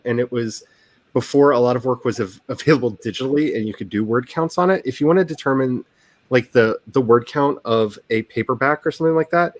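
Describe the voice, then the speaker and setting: A man's voice: mid-range voice, no echo. A man hosting a writing livestream, chatting casually in a rambling, joking, self-deprecating way. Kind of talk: casual chat.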